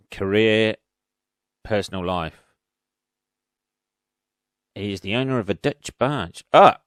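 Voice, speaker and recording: A man with a smooth voice on the low side hosts his own podcast as a comedian. He rambles in a casual monologue, swearing and making fun of himself, recorded at studio quality on a studio podcast mic with no echo.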